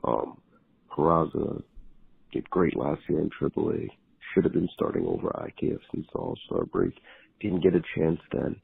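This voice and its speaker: A man leaving an earnest voicemail for a fan show, speaking in a steady, opinionated way. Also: a bass voice, moderate pace, gravelly, breathy edge. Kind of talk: recorded voicemail. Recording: tinny phone-line voicemail.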